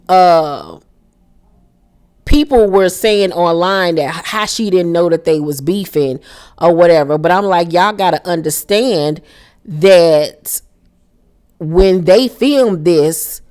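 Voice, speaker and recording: A woman's voice: fairly low pitch, a little mellow. A young woman casually recapping a reality show episode, blunt, profane and sassy in her commentary.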